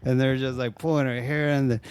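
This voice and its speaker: A man's voice: medium pitch, little pitch movement, brisk, a little mellow, clean tone, no room sound. A man co-hosting a casual movie review, retelling scenes with stammered restarts and swearing. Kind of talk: casual chat recapping a film.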